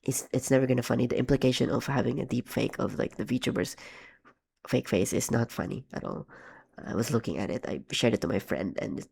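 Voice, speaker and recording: A man with a gravelly, fry-laden voice chats casually about his own animation work. He rambles, trips over his words, and pokes fun at himself as he goes. His pitch sits in an ordinary middle range. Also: animated, a little fast, darkish tone. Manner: rambling, self-deprecating, frequent ums and restarts. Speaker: animator vlogger. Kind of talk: casual behind-the-scenes commentary.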